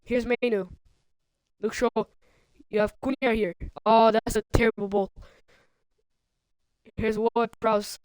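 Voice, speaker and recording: A woman streaming play-by-play commentary on a football video game, calling out players and breaking into sudden excited outbursts. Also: on the high side, takes it slowly, long pauses, clean tone, no room sound, rough recording. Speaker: livestream commentator.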